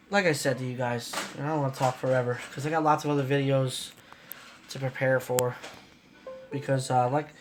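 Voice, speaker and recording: A man in his thirties vlogging casually from a trade show on a phone camera, rambling and emotional, repeating "you know" as he talks. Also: medium pitch. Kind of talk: casual vlog.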